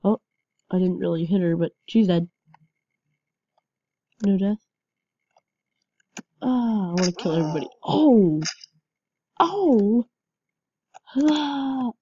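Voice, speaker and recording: A woman giving casual game commentary, excitable, with frequent yelps and laughs. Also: mid-range voice, takes it slowly, long pauses, slightly rough, dry recording, muffled recording. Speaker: gameplay commentator.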